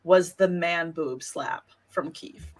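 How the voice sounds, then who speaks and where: Woman, lower pitch, relaxed, amused, casual chat. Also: takes it slowly. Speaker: podcast co-host.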